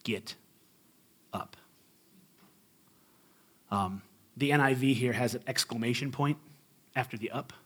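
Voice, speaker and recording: A man's voice: medium pitch, normal speed, fairly bright tone, breathy edge. A male pastor preaching a sermon in a conversational, humorous and emphatic way.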